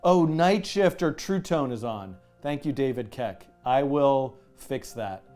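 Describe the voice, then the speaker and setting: A man hosting a live coding stream, chatting casually, animated and self-mocking, laughing often. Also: medium pitch, a little slow, faint music behind. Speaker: livestream coding host. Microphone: headset with music in his ear.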